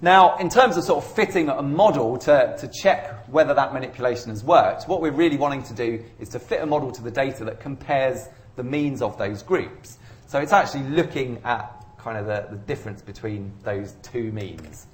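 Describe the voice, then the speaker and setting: A man's voice: medium pitch, normal speed. A man giving a university statistics lecture in a chatty, rambling way with self-deprecating humour. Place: lecture room.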